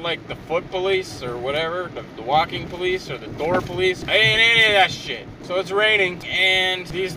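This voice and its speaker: A man ranting in a frustrated, profane and rambling way while driving and parking his car. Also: high voice. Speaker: vlogger. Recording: distant mic with clear car road noise.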